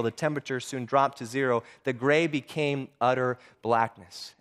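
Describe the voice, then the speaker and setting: A man's voice: medium pitch, a bit bright, clean tone. Earnest male storyteller. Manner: earnest, with occasional stumbles and repeats. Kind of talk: storytelling narration.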